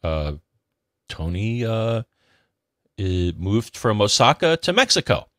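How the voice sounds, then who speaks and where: Male tech-podcast co-host, low and relaxed, reads listener mail, dry close mic. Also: takes it slowly, no room sound. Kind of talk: casual tech podcast chat.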